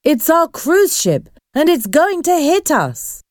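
A woman voicing a brave teenage girl who shouts urgently in a raised voice. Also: sits high, wildly swooping pitch, slow pace, dry recording, clean studio sound, pitched above the performer's own voice, full character voice. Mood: urgent shouting.

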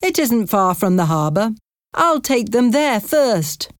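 A woman's voice: on the high side, very animated, slow pace, no echo, studio quality, voice pushed up. A woman doing an easygoing carter. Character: easygoing older Irish man with a horse and cart.

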